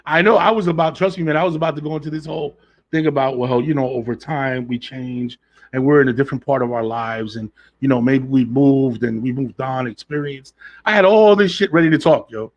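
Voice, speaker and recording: In a muffled recording, a podcast host with a medium-pitched voice speaks briskly in a casual solo show. He's blunt and emphatic, packing in slang and swearing as he addresses his listeners directly.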